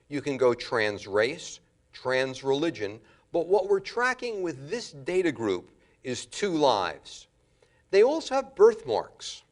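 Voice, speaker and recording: A man giving a public lecture, telling a story in an animated way. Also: on the high side.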